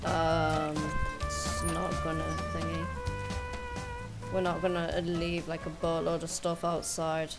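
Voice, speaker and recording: A woman's voice: sits low, completely flat delivery, takes it slowly, rough recording. A woman streamer chatting casually while playing, rambling and hesitant with many fillers. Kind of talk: casual live-stream chat. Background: background music.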